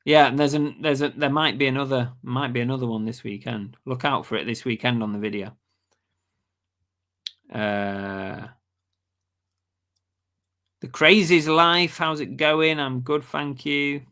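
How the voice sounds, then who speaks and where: A man's voice: mid-range voice, fairly even intonation, unhurried, pauses often, pushed and bright. A man with a British accent hosting a casual live stream, reading viewer comments aloud and chatting back, and saying he is losing his voice. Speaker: livestream host.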